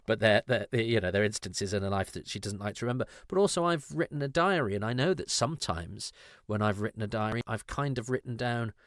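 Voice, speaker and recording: A man's voice: fairly low pitch, expressive, a little fast, no room sound, studio quality. A man hosting a podcast, talking in a rambling, self-interrupting, candid and reflective way. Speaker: podcast host. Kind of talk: casual conversational podcast discussion.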